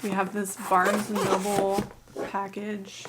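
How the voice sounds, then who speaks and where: A young woman talks casually about her books, gushing and chatty and peppering everything with "like". Now and then she drops into a soft, breathy near-whisper. Her voice sits in an ordinary middle pitch. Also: monotone, slow, very noisy. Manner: gushing, chatty, many "like" fillers. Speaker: book vlogger. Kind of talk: casual chat.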